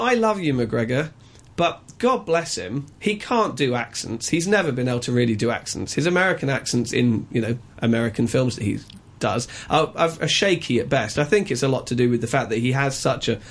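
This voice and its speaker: A man's voice: medium pitch, lively intonation, brisk. Chatty, opinionated man reviewing films. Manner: opinionated, chatty, frequent ums and uhs. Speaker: film reviewer. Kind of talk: casual radio chat.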